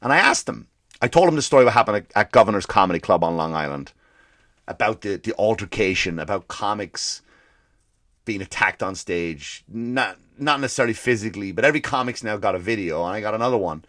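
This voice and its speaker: A male comedian and podcast host ranting in a profane, animated way, slipping into mock voices for the people he quotes. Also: fairly low pitch, brisk, no echo, studio quality. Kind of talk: comedic rant.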